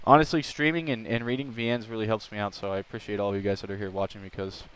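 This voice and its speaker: A young man chatting on a live stream, telling an animated, rambling story. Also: fairly low pitch, racing, slight background noise, poor audio. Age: young adult. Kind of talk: casual live-stream chat.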